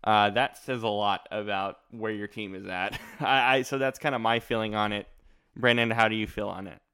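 A man co-hosting a casual sports podcast, talking emphatically, rambling and quick to joke. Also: fairly low pitch, fairly even intonation, bright, forceful tone, clear, resonant tone. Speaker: podcast co-host.

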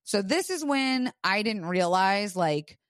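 A woman's voice: mid-range voice, lively intonation, takes it slowly, dry recording, studio quality. A woman podcast host telling a personal story in casual chat, frank and profane, full of "like".

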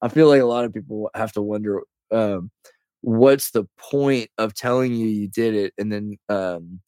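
A man in his thirties from California, a podcast guest telling rambling, animated stories in casual conversation. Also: lowish voice, moderate pace, clean tone, no echo, studio quality. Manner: rambling, animated storyteller who says "dude" and "like".

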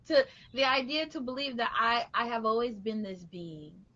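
A woman's voice: a little high, normal speed, bright, forceful tone, lo-fi sound. A woman hosting a podcast, talking in an earnest, rambling, motivational way. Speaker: podcast host. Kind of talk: casual reflective chat.

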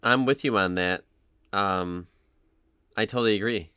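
A man's voice: lowish voice, unhurried, bright, forceful tone, clear, resonant tone, no echo, studio quality. A man co-hosting a podcast, talking loosely and rambling, with many restarts. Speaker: podcast co-host. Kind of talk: casual chat.

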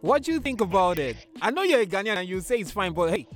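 Male talk host, high lively voice, playful banter. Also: fast, soft background music. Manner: playful, teasing, laughs often. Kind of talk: casual chat.

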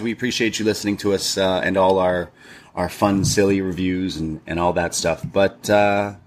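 A man co-hosting a wrestling podcast, chatting casually and upbeat, with loose filler-laden talk. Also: deep voice. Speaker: podcast co-host. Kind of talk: casual chat.

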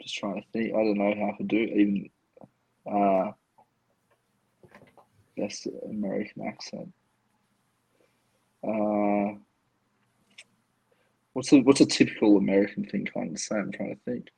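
A young man with a low, gravelly voice that has a slightly husky edge. He answers in short, easygoing bursts during a casual podcast interview, relaxed and unhurried. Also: no room sound, poor audio. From Australia and Canada. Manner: relaxed, brief answers with easy laughs. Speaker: guest rugby player.

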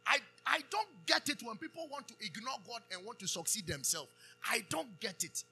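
A man with a Ghanaian accent preaching a sermon, calling out questions for the congregation to answer and building to loud emphasis. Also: extremely high pitch, sing-song, normal speed, vocal fry, breathy edge, soft background music. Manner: call-and-response preaching, loud rising emphasis. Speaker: pastor.

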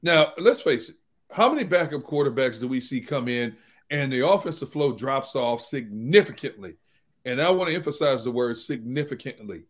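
A man co-hosting a sports talk show, teasing his co-hosts in a playful, animated way. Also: medium pitch, brisk. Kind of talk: casual sports chat.

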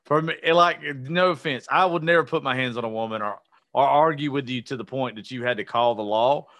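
A man's voice: medium pitch, fairly quick, fairly bright tone, no echo. Crude, joking male podcast host. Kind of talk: casual chat.

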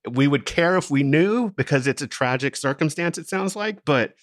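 A man telling a story as a podcast co-host in casual chat, laughing often and animated. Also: on the high side, normal speed, dry recording, studio quality.

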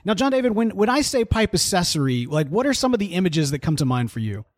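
Male podcast co-host, fairly high voice, very animated delivery, dry close sound, playful and quick to laugh. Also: no echo. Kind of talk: casual chat.

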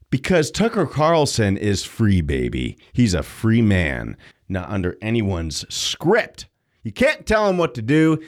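A young adult man hosting an opinion podcast, sarcastic and animated, jumping between loud and quiet. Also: lowish voice. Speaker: podcast host.

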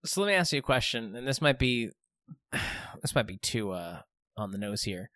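A man in casual comedic banter who rambles into goofy made-up scenarios and keeps them going. His voice sits at a middling pitch. It sounds close and dry, with no room around it. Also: animated, moderate pace, pushed and bright, no echo. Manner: joking, spins long silly bits. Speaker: podcast co-host.

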